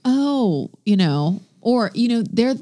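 A woman's voice: lowish voice, lively intonation, moderate pace, dark tone. Chatty female podcast co-host. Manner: chatty storyteller with many fillers. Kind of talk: casual comedic chat.

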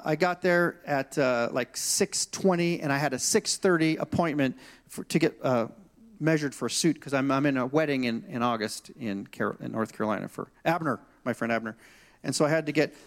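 A man preaches as senior pastor, telling a personal story with animated, acted-out dialogue. His voice sits a little higher than most men's. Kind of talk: storytelling sermon. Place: church stage.

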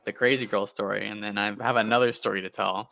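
A young man co-hosting a podcast, swearing casually and acting out stories with squeaky impressions. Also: quick pace, creaky, no room sound. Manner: profane, animated storytelling with squeaky impressions. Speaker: podcast co-host. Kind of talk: casual chat, storytelling.

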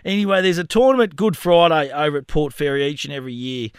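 A high-pitched man hosts a casual podcast, telling animated stories and breaking into laughter at his own jokes. The sound is dry and close, with no room around him. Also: fast, clean tone, dry recording. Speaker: podcast host. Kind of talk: casual storytelling chat.

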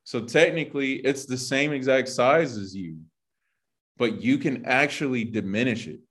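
A man preaching an informal sermon to his congregation. He talks loosely and conversationally, leaning on "like" and "you know" as he works through a passage. His voice sits at an ordinary middle pitch for a man. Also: normal speed, fairly bright tone. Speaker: Bible teacher.

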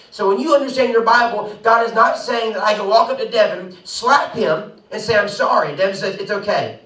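A man's voice: sits high, fairly bright tone, roomy sound, far from the mic, low-quality recording. A man preaching a sermon with emphatic delivery, acting out the voices he quotes. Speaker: pastor.

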